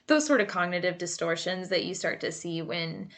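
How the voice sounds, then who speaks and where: A woman working as a creative arts therapist, explaining a coping exercise in a relaxed, chatty way with many fillers and asides. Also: on the low side, normal speed. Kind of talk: casual instructional talk.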